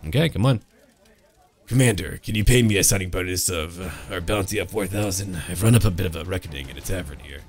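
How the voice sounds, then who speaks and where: A man commenting while he plays a video game, playful and joking, slipping into mock-pompous old-fashioned phrasing and yelping with laughter. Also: fast talker. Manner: playful, jumps to high silly exclamations and laughs. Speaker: gameplay commentator. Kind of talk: let's-play commentary.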